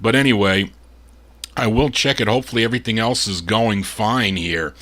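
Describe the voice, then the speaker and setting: A man hosting a live oldies record show, gruff and fed up as he grumbles between detailed introductions of the records he spins. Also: fairly low pitch, normal speed, pushed and bright. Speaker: radio show host and record DJ.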